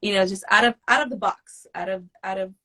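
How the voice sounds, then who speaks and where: A young woman, a singer, chatting casually in an interview and acting out the people she quotes. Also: a little fast. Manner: animated, acts out quoted phone calls with high excited voices. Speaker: guest singer.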